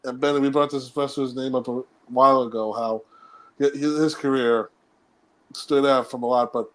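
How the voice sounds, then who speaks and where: A man's voice: medium pitch, steady tone, normal speed, poor audio. A man co-hosting a wrestling podcast, telling stories in a rambling, laughing, casual way. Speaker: podcast co-host. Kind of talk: casual chat.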